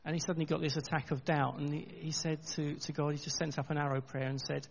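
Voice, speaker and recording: A middle-aged man, preaching a sermon in an earnest, conversational way with halting restarts, recorded in a church. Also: a little high, level tone, gravelly, breathy edge. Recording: dull, long reverb in a church hall.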